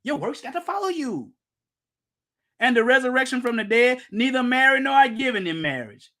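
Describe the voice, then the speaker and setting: A man's voice: very high voice, lively intonation, moderate pace, bright, forceful tone. A middle-aged man preaching an informal Bible-teaching sermon, emphatic, firing rhetorical questions and joking with his listeners.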